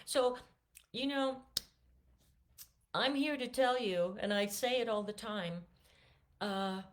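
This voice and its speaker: Chatty woman voice teacher, not warmed up. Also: a little high, slow pace. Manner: relaxed, chatty, many fillers and restarts. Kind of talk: casual vocal lesson with sung demonstrations.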